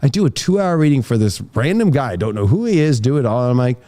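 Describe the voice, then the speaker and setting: Man, podcast host, lively up-and-down delivery, mellow tone, swears a lot, rambling stories. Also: mid-range voice, fast. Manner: profane, rambling storytelling. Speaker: tarot reader and podcast host. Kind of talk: casual podcast conversation.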